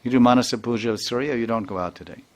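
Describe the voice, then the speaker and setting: A man voicing a sharp-tongued old mother-in-law who berates and stammers in anger. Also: mid-range voice, racing, natural voice. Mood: scolding.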